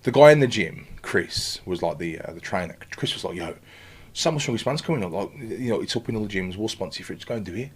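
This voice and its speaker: A man's voice: on the low side, expressive, fast talker, breathy edge. A man talking as a guest on a casual podcast. He tells his story with energy, swearing freely and acting out his own past thoughts.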